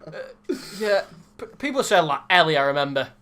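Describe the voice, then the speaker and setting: A man's voice: fairly high pitch, lively intonation, brisk, pushed and bright. A young man co-hosting a casual sports podcast, ranting in mock exasperation and joking with his co-host.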